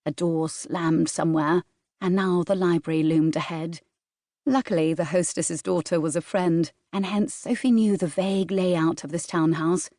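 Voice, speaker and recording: A woman narrating a romance novel in a smooth, measured storytelling voice, recorded close in a studio. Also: fairly low pitch, fairly even intonation, dark tone, no echo. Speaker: audiobook narrator. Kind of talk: scripted narration. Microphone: studio microphone, close.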